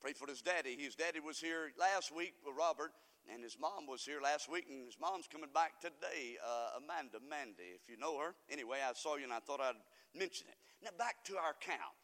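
A man preaching a folksy sermon to his congregation, rambling through stories and swinging from soft asides to loud emphasis. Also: on the high side, brisk. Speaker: pastor. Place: church sanctuary. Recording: reverberant church hall.

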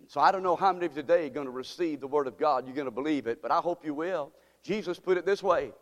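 A pastor preaches from the pulpit of a church sanctuary, hurling rhetorical questions at his congregation. His voice sits fairly high and moves quickly with few pauses, and the hall's long reverb trails after every line.

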